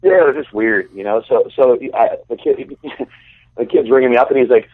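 A man co-hosting a podcast over a phone line, telling a rambling story with a lot of hesitation and sounding low on energy. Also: moderate pace. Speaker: podcast co-host. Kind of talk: casual chat. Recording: tinny dry phone line.

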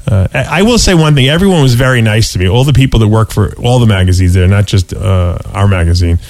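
A man's voice: lowish voice, lively intonation, fast, darkish tone, dry recording. A man chatting casually as a podcast co-host, telling stories with many restarts and fillers. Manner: rambling storyteller, lots of restarts and "you know". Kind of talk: casual chat.

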